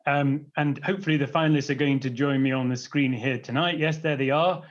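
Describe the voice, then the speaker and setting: A man's voice: mid-range voice, fairly even intonation. Friendly man presenting an award, lo-fi sound. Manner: friendly, a little halting. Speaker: award presenter, company executive. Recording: dull lo-fi audio.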